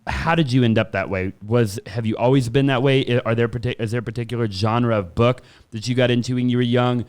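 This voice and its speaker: A man's voice: mid-range voice, fairly even intonation, fast, a little mellow, smooth. A man hosting a podcast interview who rambles and restarts his sentences. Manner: rambling, restarts often, says yeah a lot. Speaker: podcast host. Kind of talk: casual interview.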